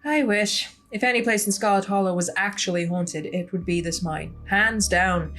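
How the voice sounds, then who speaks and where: A woman's voice: mid-range voice, moderate pace, a bit bright, faint music behind, lightly acted. A woman voicing an unbothered young ghost hunter in a game, speaking in a breezy, teasing way close to her own voice.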